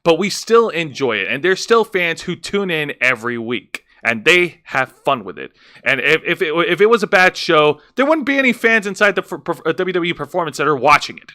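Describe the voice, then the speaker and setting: A man co-hosting a casual wrestling review show, talking in an animated way, swearing and restarting his sentences, his voice jumping up when he gets worked up. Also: a little high, a little fast, few pauses. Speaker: podcast co-host.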